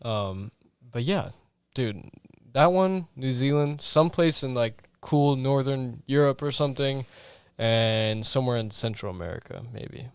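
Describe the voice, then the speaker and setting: A man's voice: mid-range voice, unhurried, smooth, no room sound, studio quality. A man joking around in a casual podcast chat, laid-back and fond of saying "dude". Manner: jokey, laid-back, says "dude" a lot.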